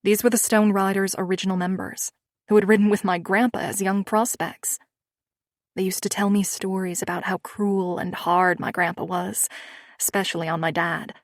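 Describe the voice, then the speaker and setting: A woman's voice: medium pitch, fairly even intonation, moderate pace, dry recording, studio quality. Woman reading a romance audiobook. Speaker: audiobook narrator. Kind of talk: scripted first-person narration.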